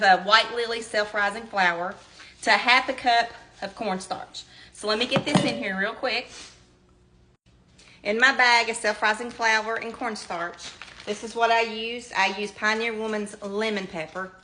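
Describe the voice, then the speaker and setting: A woman's voice: on the high side, measured pace, sharp tone, slight background noise. A middle-aged woman with a Southern US accent, chatting casually as she shows a home cooking demo in her kitchen. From American South. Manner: chatty, down-to-earth, addresses viewers as y'all. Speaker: home cook. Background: oil frying and sizzling.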